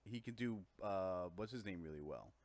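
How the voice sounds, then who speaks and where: A man with a New York accent co-hosting a casual show, joking and swinging between loud and quiet. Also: sits low, lively intonation, normal speed, no echo. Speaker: co-host. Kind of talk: casual chat.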